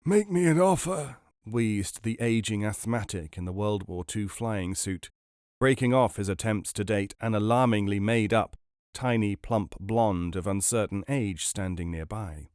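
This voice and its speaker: A man narrating a book aloud in a measured, expressive storytelling manner. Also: fairly low pitch, clean tone, no room sound, clean studio sound. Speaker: podcast narrator. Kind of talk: audiobook reading.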